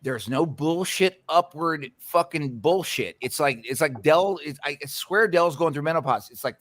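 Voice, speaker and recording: A man's voice: fairly high pitch, animated, unhurried, few pauses, fairly bright tone, no echo. Heated, swearing man on a dry mic. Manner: profane, heated, repeats and restarts words. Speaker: podcast co-host. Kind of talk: casual ranting chat.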